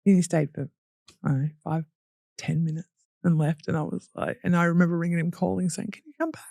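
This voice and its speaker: A young Australian woman on a podcast talks fast in a low, steady, warm voice with vocal fry. Laughing through painful memories and mimicking what people said, she tells her tough story bluntly and swears freely. The recording is dry and studio quality.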